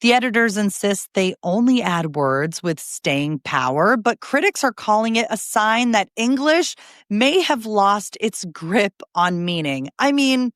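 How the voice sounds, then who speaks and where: A woman hosting a news podcast, reading headlines briskly and adding chatty asides between stories. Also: mid-range voice, very animated, fairly bright tone, no echo, studio quality.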